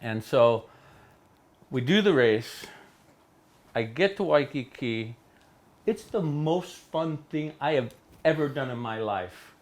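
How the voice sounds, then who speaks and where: A middle-aged man from Hawaii, telling stories in a studio interview with animated delivery, jumping into voices for quoted people. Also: slow pace, long pauses. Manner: animated, acts out quotes with big pitch jumps. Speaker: interview guest. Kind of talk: storytelling in a casual interview.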